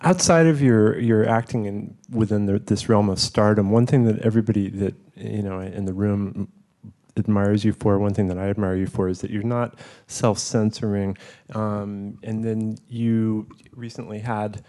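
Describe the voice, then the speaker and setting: A man interviews a guest in an easy conversational tone. His voice sits fairly low, and he phrases his questions in a measured way with small hesitations. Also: fairly even intonation, mellow.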